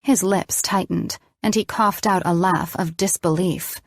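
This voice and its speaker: A woman narrating a romance novel in the first person, steady and measured. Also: lowish voice, no echo, studio quality. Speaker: audiobook narrator.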